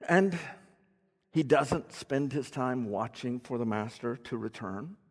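A preacher with an expressive, mid-range voice takes a slow pace through a conversational teaching sermon. He breaks down words and asks his listeners questions, recorded with long hall reverb.

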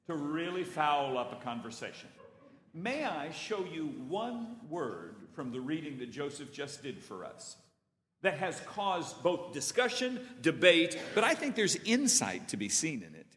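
A man from California preaching a sermon as a playful, animated storyteller. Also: high-pitched. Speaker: pastor. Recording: echoey church hall.

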